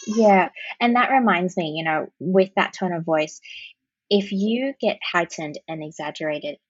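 Female counsellor guest, lower husky voice, conversational and explanatory, dull dry podcast audio. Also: a little slow, no room sound. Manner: explains with demonstrated soothing phrases.

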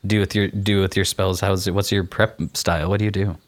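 A man's voice: low voice, little pitch movement, brisk. A man playing a tabletop game in a chatty, easygoing way. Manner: chatty, laughing easily. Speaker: player. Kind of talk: casual tabletop play.

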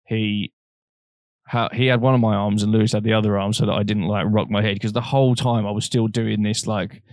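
A man's voice: on the low side, flat delivery, a little fast, darkish tone, no echo, clean studio sound. A young man telling a frank personal story on a podcast, swearing freely and acting out the voices of people he quotes. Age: young adult. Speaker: podcast co-host. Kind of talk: casual storytelling chat.

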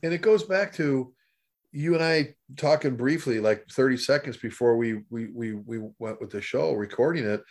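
A man co-hosting a podcast who tells stories with lively energy, often stumbling and restarting his sentences. His voice sits at an ordinary pitch for a man, and he sounds like a fire service instructor chatting. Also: moderate pace. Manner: animated, many restarts and stumbles. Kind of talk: casual storytelling chat.

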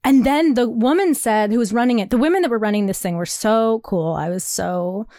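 A young woman co-hosting a casual chat, rambling and animated, laughing often and filling her talk with "like". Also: a little high, fairly quick, no room sound, clean studio sound. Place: New York.

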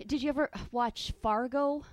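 A woman's voice: high-pitched, normal speed, darkish tone, no room sound, clean studio sound. A woman from northern Wisconsin with a northern Wisconsin accent, a radio co-host chatting casually with hesitant fillers.

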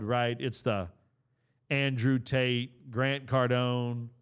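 Middle-aged male podcast host, earnest preacher delivery with casual asides, smooth clear voice. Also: medium pitch, measured pace. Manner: earnest, exhorting, with casual fillers. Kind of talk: preaching-style talk.

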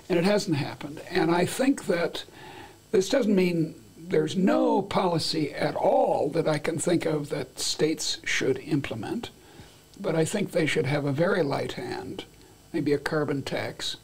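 A man's voice: on the high side, a little mellow, breathy edge. An older man as an interview guest, talking in a rambling, playful way with many restarts. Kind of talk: conversational interview.

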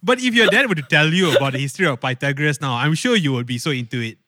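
A man's voice: on the high side, animated, rapid-fire, sharp tone, no echo, studio quality. A man with a Malaysian English accent, hosting a casual podcast chat and telling stories with enthusiasm. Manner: chatty, enthusiastic storytelling. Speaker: podcast host.

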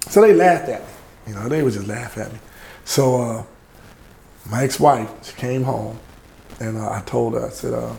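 A middle-aged man, a music producer telling lively anecdotes in an interview and acting out the people he quotes. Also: medium pitch, moderate pace, vocal fry, pauses often, reverberant, a little hiss or hum. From Louisiana. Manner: lively anecdotes, acts out quoted voices, laughs often. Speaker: music producer and label head, interview guest. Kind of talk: animated storytelling in a podcast interview.

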